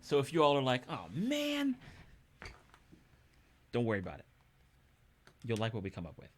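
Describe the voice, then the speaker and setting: A man's voice: medium pitch, animated, fast talker, slight background noise. A man hosting a casual livestream, upbeat and chatty with his viewers, chuckling often. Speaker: streamer and musician.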